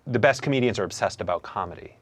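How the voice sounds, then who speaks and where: Young male comedian-host, low-pitched, thoughtful and halting, casual interview talk. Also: lively intonation, no room sound. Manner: reflective, hesitant, many fillers and restarts.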